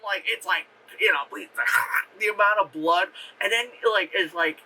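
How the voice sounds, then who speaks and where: A man's voice: high-pitched, moderate pace, sharp tone, low-quality recording. A young man casually reviewing a movie, rambling and profane, packed with fillers as he animatedly retells scenes.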